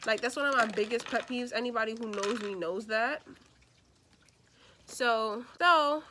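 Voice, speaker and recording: A young woman vlogger chatting casually through a storytime as she does her makeup, lively and expressive, acting out the people in her story. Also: fairly high pitch, measured pace, noisy background. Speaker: beauty vlogger.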